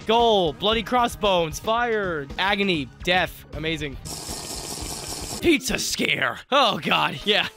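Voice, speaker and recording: An excitable man talks through a video game in a high, bright voice. His pitch jumps around a lot as he jokes and yelps at the scares. Faint music plays behind him. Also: takes it slowly. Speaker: gaming YouTuber. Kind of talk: let's play commentary.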